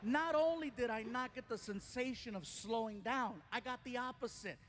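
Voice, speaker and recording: A male stand-up comedian telling an animated story and acting out its characters. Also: extremely high pitch, normal speed, slight background noise. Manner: animated, acts out characters in his stories.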